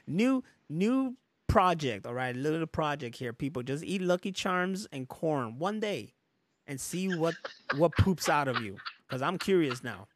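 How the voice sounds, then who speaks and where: A man's voice: a little high, very animated, slow pace, no echo. A man hosting a podcast in loose casual chat, rambling, laughing often and swearing freely. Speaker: podcast host.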